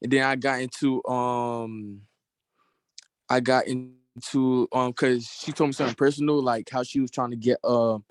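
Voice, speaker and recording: Man, sales team member, flat monotone, mid pitch, dry sound, hesitant. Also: measured pace, no room sound. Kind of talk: reading out a text exchange on a call.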